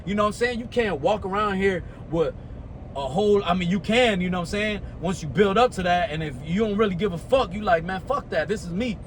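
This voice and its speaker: A man's voice: sits high, a little fast, a little hiss or hum. A young American man giving a casual motivational talk, profane and streetwise, often asking "you know what I'm saying". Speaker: motivational speaker.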